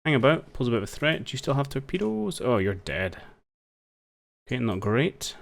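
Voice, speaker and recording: A man's voice: mid-range voice, big pitch swings, moderate pace, creaky. A man giving casual, thinking-aloud commentary over a strategy game, wry and understated as he plays. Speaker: strategy game let's-player.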